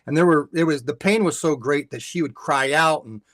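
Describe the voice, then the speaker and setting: A man's voice: fairly high pitch, brisk, fairly bright tone, dry recording. An older man, a guest on a faith podcast, telling a story and giving advice in an earnest way, often repeating words as he restarts.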